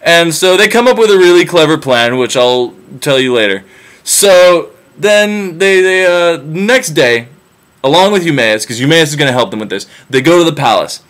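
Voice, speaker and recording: A man's voice: a little high, expressive, normal speed, fairly bright tone. A young man retelling a myth as a casual, profane comedy. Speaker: storyteller.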